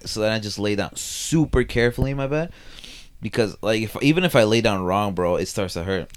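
A young man hosting a podcast, telling an animated story with lots of swearing and laughter. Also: fairly low pitch, a little fast, clear, resonant tone. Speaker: podcast host. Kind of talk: casual chat.

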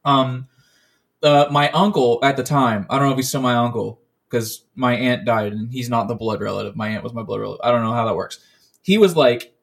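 A man's voice: mid-range voice, moderate pace. A man in casual podcast chat, telling a long story in a rambling, profane way, full of restarts.

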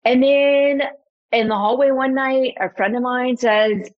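Young woman guest, animated storyteller, casual chat, dull low-fi recording. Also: a little slow. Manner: animated storyteller, quotes herself. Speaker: podcast guest, photographer.

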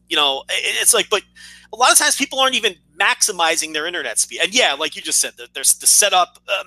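A man co-hosting a wrestling podcast in casual chat, blunt and opinionated, swearing as he goes. His voice sits high, with a very bright, forceful edge. The sound is dry and close. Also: no room sound, poor audio. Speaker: podcast co-host.

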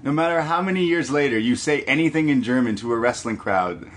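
A young man co-hosting a casual wrestling podcast, telling the match story with lively quick impressions. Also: medium pitch. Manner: animated storytelling with quick impressions, laughs often. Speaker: podcast co-host. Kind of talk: casual chat recapping wrestling.

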